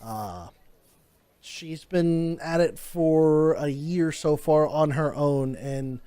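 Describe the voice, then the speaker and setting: An earnest adult guardian who patiently explains why a young ward needs guidance, as a man acts him out. His voice sits a little high, and the sound is dry and close. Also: takes it slowly, mellow, smooth, dry recording.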